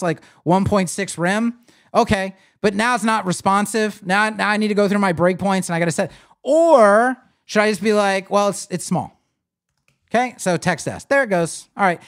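In a high-pitched, clean tone, a man hosts a live screen-share tutorial on web design. He's animated and casual, chatting with viewers and explaining while clicking through a site builder.

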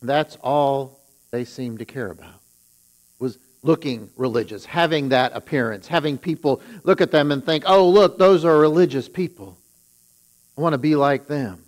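A man's voice: mid-range voice, moderate pace, rough recording. A man who is a pastor, preaching a sermon and retelling scripture with rising emphasis on its warnings.

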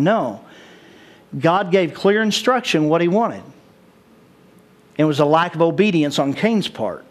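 A man preaching a sermon with lively, animated delivery, now and then chuckling at his own jokes. His voice sits notably high for a man. He speaks as a pastor addressing his congregation. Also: a little slow, pauses often.

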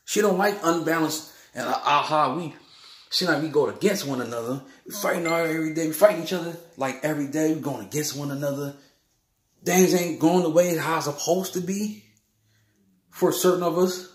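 A man's voice: on the high side, a little fast, echoey room. A man, rambling through a heated spiritual monologue, repeating himself and ending his lines with "man". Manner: heated, repetitive, keeps saying "man" and "bull crap".

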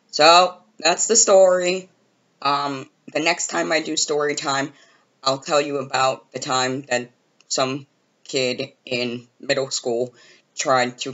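A woman telling a casual storytime about a high school memory in an animated, exasperated way. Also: slow pace, muffled recording.

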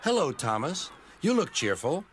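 A man voicing a small, eager young tank engine in a high, boyish voice, earnest and excitable, over background music. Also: normal speed, a little hiss or hum. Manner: earnest, excitable, whiny when struggling.

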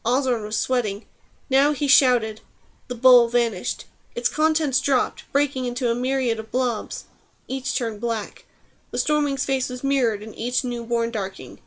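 A woman's voice: a little high, measured pace. Woman reading a fantasy audiobook. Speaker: audiobook narrator. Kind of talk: scripted narration.

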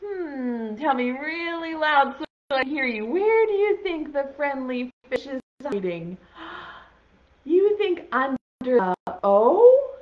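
A woman's voice: high voice, sing-song, takes it slowly, lo-fi sound. A young woman teaching a virtual preschool class, playful and encouraging, praising children's guesses in a sing-song way.

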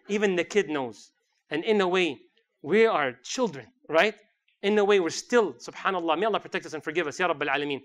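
A man in his thirties preaching a lively sermon to a gathered audience, telling stories, acting out voices and quoting Arabic verses. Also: a little high. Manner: animated, acts out voices, quotes Arabic verses.

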